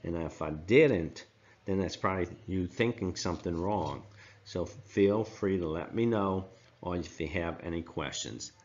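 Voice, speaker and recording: A man teaching a recorded math lesson, talking slowly through his counting step by step and correcting himself as he goes. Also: low voice, a little mellow, highs cut off. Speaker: math instructor.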